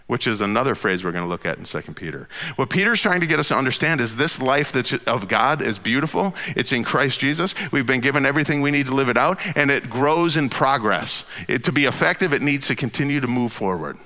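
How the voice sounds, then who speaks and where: A preacher with a bright, forceful voice delivers a sermon in a big hall with a long reverb trailing his words. He leans hard on emphatic lines, then drops to a soft, hushed tone. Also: mid-range voice, fast, hardly any pauses. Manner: expressive preaching, swinging from loud emphasis to hushed near-whispers. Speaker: pastor.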